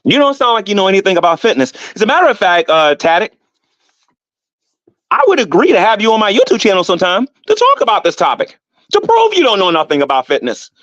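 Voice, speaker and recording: Middle-aged male vlogger, defensive rant, voice a touch high, dry and lo-fi. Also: fast, dry recording. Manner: animated, defensive, repeats himself, rises in pitch when heated. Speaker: YouTuber. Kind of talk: rambling vlog rant.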